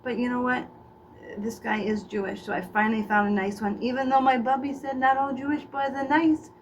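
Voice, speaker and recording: A middle-aged woman talks to camera in a loose, rambling comic monologue, full of self-mocking asides. Her voice sits fairly high. A faint hum runs behind her. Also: level tone, fairly quick, poor audio. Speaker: vlogger.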